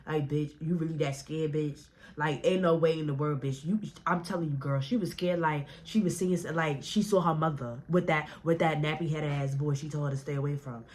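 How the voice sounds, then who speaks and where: A young woman with a notably low voice tells a story to her viewers in a casual rant. She talks brash and profane, with plenty of animation and attitude. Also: fairly even intonation, fairly quick, hardly any pauses, darkish tone, a little hiss or hum. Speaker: vlogger.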